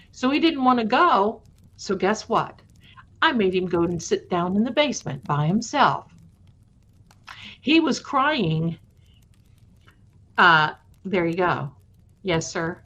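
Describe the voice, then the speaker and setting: A woman's voice: mid-range voice, a bit bright. A woman hosting a live stream, chatting affectionately with viewers and telling spooky stories in a casual way. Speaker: live-stream storyteller host. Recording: dull lo-fi stream audio.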